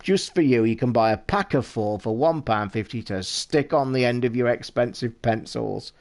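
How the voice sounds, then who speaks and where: A British man in the middle of a live stream, chatting straight to his viewers. His talk is casual and quick to excite, peppered with constant swearing and a rushed edge, sitting at an ordinary middle pitch for a man. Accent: British English. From United Kingdom.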